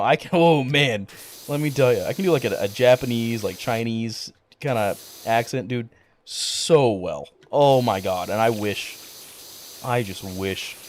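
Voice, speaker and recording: A young man chats casually while streaming a game, rambling along with constant fillers and cursing. His speaking voice sits fairly low for a man, with a faint hiss of game sound behind him. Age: young adult. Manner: rambling, full of fillers and swearing. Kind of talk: casual chat while gaming.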